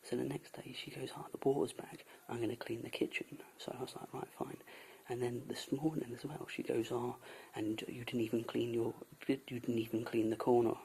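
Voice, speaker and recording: A young man venting casually about his volunteer host, often dropping to a hushed whisper, recorded on a camera mic indoors. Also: mid-range voice, level tone, fairly quick, gravelly, slight background noise, poor audio. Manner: exasperated, often drops to a whisper. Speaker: volunteer traveller reviewing a host. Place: indoors at a host's house.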